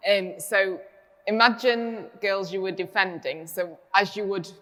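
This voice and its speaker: A woman's voice: medium pitch, unhurried, pushed and bright, in a large hall. A woman co-teaching a dance lesson, explaining a hip movement.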